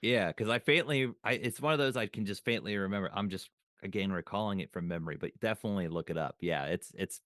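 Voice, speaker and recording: A man with a very low voice co-hosts a podcast in a loose, casual chat. He rambles through memories, doubling back on his words. The sound is dry and close. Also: fast talker, hardly any pauses, fairly bright tone, no echo. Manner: rambling, recalls things aloud with restarts. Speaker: podcast co-host.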